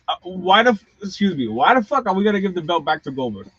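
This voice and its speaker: A middle-aged man with a somewhat high voice runs a casual live-stream rant, swearing freely and tossing in slangy asides. The sound is dull and lo-fi, very dry with no room around it. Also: lively intonation, fast, fairly bright tone, no room sound. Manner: profane, exasperated ranting with slangy asides. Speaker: wrestling channel host.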